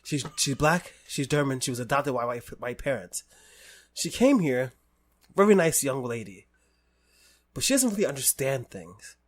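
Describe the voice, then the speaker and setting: A man's voice: mid-range voice, animated, moderate pace. A man hosting a podcast in casual chat, American, telling long stories and breaking into laughter often. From United States. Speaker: podcast host.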